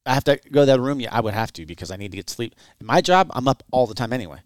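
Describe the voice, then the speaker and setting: A man speaking as a podcast guest, chatting casually with quick, agreeable replies. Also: mid-range voice, expressive, no echo, studio quality. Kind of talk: casual chat.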